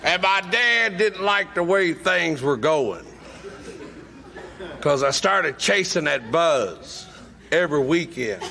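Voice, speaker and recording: A man telling a wry, deadpan story from his own life at a recovery meeting. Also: a little high, slow, creaky, a faint crowd. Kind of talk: humorous personal storytelling.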